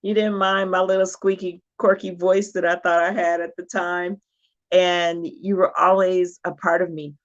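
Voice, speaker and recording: A woman's voice: fairly low pitch, little pitch movement, moderate pace. A woman guest talking in an effusive, grateful way during a casual chat. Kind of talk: casual video-call chat. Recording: muffled lo-fi call audio.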